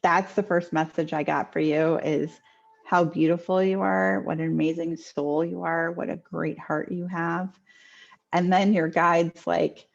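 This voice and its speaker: Woman, psychic medium, live readings, chatty, hesitant, low-ish voice, dull video call sound. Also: creaky, a little mellow. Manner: chatty, hesitant with many ums, laughs easily. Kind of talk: live online intuitive readings. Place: home near a kitchen.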